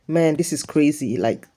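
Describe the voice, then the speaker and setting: Earnest man musing, mellow voice. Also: a little high. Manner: earnest, musing, says "sincerely". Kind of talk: casual reaction commentary.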